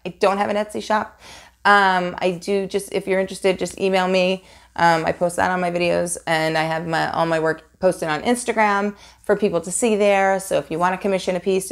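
A middle-aged woman from Long Island with a light New York accent softened by Southern California, chatting casually and animatedly in a Q&A vlog about her art. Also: medium pitch. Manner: chatty and animated, frequent fillers and laughs. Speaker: resin art YouTuber.

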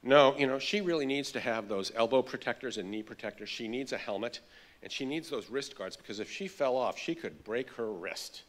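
A man's voice: medium pitch, a little fast, natural voice. A man voicing his cautious, worried elderly mother-in-law. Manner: worried, disapproving. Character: anxious elderly Southern grandmother, cautious.

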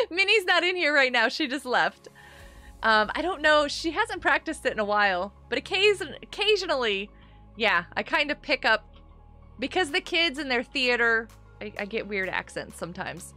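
With faint music underneath, a middle-aged woman streams a casual game from home and reads viewer messages aloud, giggling cheerfully. Her voice is high and bright with big pitch swings, delivered at normal speed in a forceful tone.

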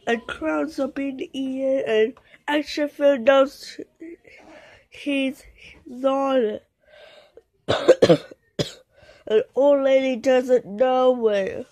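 A woman acting out a toy play in many quick voices, excitable and switching between shouts and mutters. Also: high voice.

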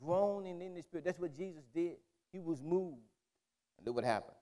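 A man preaching a sermon as pastor, in emphatic call-and-response style that builds to loud, drawn-out declarations. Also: fairly high pitch, animated. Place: church sanctuary. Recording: long reverb of a church hall.

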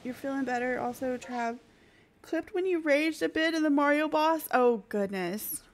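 A woman, chatting excitably with viewers while she streams a game. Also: sits high, normal speed. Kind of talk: casual live-stream chat.

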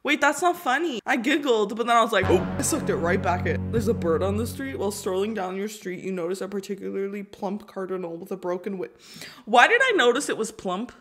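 A young adult woman giving casual, chatty commentary to her viewers as she plays a mobile game, reading its text aloud between quick, giggly asides. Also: mid-range voice, animated, a bit bright, soft background music. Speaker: YouTuber playing a mobile life-sim game.

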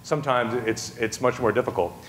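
A man's voice: medium pitch, a little fast, slight background noise. A man giving a humorous storytelling talk on a festival stage, chatty and self-amused, with many asides and restarts. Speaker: festival speaker.

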